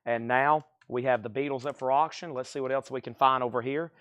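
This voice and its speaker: A man running a livestream vinyl record auction with a quick, steady patter of grades, prices and bids, coughing now and then from allergies. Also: medium pitch, no room sound. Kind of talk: fast live-sale patter.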